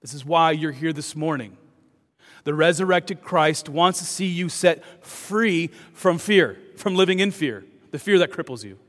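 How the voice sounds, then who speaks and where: A man preaching a sermon as pastor, moving between loud urgent emphasis and soft hushed words. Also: fairly high pitch, lively intonation, a little slow. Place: church. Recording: long hall reverb.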